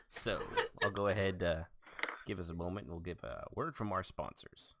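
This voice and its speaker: A man's voice: low voice, big pitch swings, unhurried, creaky, long pauses, no room sound, studio quality. A man hosting a casual podcast, joking and self-mocking as he talks. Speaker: podcast host.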